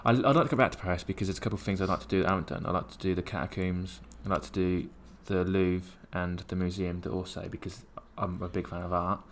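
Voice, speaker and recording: A man from England telling a rambling, animated travel story in casual podcast chat, with many restarts. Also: deep voice, fast, hardly any pauses, slight background noise. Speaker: podcast co-host.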